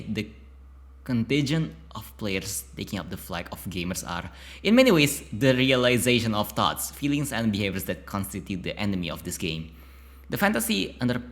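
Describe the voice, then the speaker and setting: A man's voice: lowish voice, fairly bright tone. A man reading a narrative game's text aloud, often stumbling over words and breaking off into chatty asides to himself. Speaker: YouTuber playing a narrative game.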